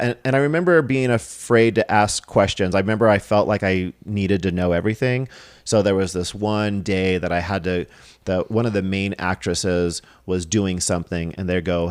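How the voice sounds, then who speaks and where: A man guesting on a podcast, telling stories casually, acting out quoted dialogue and laughing as he goes. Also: on the low side. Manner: animated, acts out quoted dialogue; laughs through his stories. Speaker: podcast guest, film director and assistant director. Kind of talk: casual storytelling.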